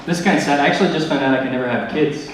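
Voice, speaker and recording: Young guy doing deadpan standup, heard from far off in a big echoey hall, loud noisy recording. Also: a little high, very fast. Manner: deadpan, awkward one-liners with filler words. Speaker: stand-up comic. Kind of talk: stand-up comedy set. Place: large hall with live audience. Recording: echoey hall, distant mic, loud noise.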